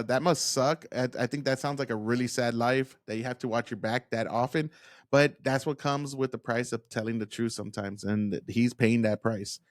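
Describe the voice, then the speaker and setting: A man's voice: medium pitch, a bit bright, no room sound, studio quality. Blunt, profane man reacting to clips. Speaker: reaction commentator. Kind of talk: casual reaction commentary.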